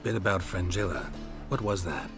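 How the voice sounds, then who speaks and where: Geralt, deep and clipped. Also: male voice, expressive, normal speed. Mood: dry. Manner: dry, clipped, understated. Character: terse, world-weary male monster hunter. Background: game music.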